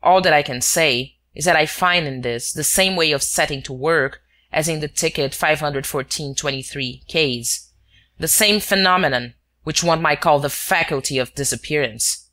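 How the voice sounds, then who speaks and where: A dogged, sententious veteran inspector , as an audiobook narrator reads him, laying out his reasoning point by point. The voice stays bright and clear. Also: medium pitch, normal speed, natural voice. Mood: insistent. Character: stubborn veteran male police inspector.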